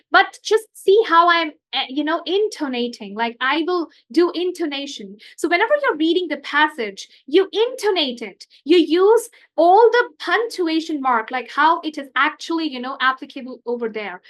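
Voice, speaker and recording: A woman's voice: high-pitched, fairly bright tone. A young adult woman tutor giving a live online English lesson, chatty and explanatory with many asides.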